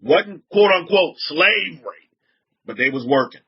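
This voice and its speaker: A high-pitched man with a Southern US accent delivers an informal religious talk to a group. He circles back on his words and peppers listeners with rhetorical questions. His voice is a touch husky, on a dull lo-fi recording. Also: lively intonation, unhurried. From Southern United States. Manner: repetitive, restarts a lot, fires rhetorical questions at listeners. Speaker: religious teacher addressing a group.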